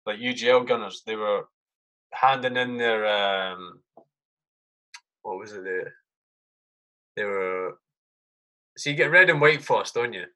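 A man's voice: fairly low pitch, measured pace, pauses often, pushed and bright. A man, a soldier, casually telling stories in a podcast chat, swearing constantly and saying mate a lot.

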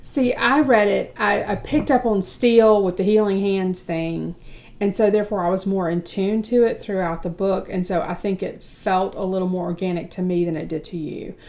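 A woman's voice: mid-range voice, fairly even intonation, moderate pace, darkish tone. A woman from the United States co-hosting a casual book chat, talking with lots of fillers and restarts. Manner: chatty, many fillers and restarts. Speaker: book podcast co-host.

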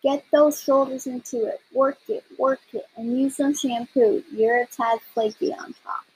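A woman's voice: sits high, steady tone, moderate pace, a little mellow, a little hiss or hum, natural voice, low-quality recording. A woman voicing a bossy, brash little female bird who scolds and wisecracks bluntly in a storybook reading.

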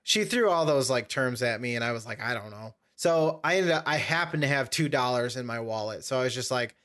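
A man's voice: mid-range voice, fairly quick, fairly bright tone. A young man hosting a casual chat, telling a long, rambling story and often correcting himself. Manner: rambling, self-correcting anecdote teller. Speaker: podcast host.

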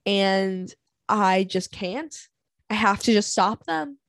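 A young woman in her twenties hosts a candid solo podcast in a noticeably gravelly, fry-heavy, mid-range voice. She is animated but takes it slowly, speaking bluntly and dramatically, swearing freely and sighing often. The sound is close and dry, without room echo.

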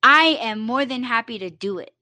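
A woman's voice: on the high side, expressive, moderate pace, bright, forceful tone, dry recording. A woman hosting a solo live podcast, talking bluntly with lots of swearing and fillers like "you know" and "like". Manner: blunt, profane, emphatic rant with many fillers. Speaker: podcast host.

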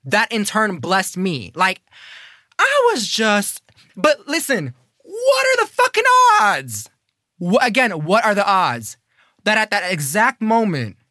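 A man telling a personal story in a casual, animated way, swearing often and swinging between fast bursts and dramatic pauses. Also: high-pitched, no echo, studio quality. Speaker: coding program student telling a story.

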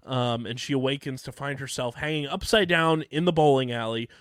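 A man's voice: medium pitch, a little fast, dry recording, studio quality. A man co-hosting a podcast, casually recapping episodes with frequent laughs and ums. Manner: laughs often, recaps plot with filler ums. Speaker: podcast co-host. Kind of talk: casual show recap chat.

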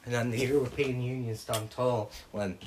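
A man hosting a podcast, recapping fantasy wrestling bookings with animated play-by-play. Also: medium pitch, moderate pace, slight background noise. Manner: hums entrance themes, animated play-by-play. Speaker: podcast host.

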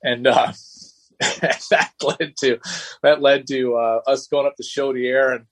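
A man's voice: medium pitch, fairly even intonation, slow pace, slight background noise. Male racer guest, loose rambling storyteller. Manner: rambling, many restarts, acts out quotes. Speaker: race car driver guest. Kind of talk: casual storytelling interview.

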